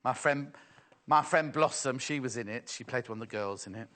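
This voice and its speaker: A man's voice: medium pitch, moderate pace, a bit bright. A middle-aged man presenting live sales on TV, chatty and teasing as he banters with his crew. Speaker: shopping channel presenter.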